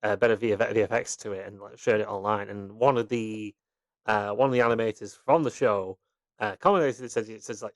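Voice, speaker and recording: A man's voice: lowish voice, fairly even intonation, fairly quick, no echo. A man, co-hosting a podcast, chatting casually with many restarts and easy laughs. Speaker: podcast co-host. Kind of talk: casual chat.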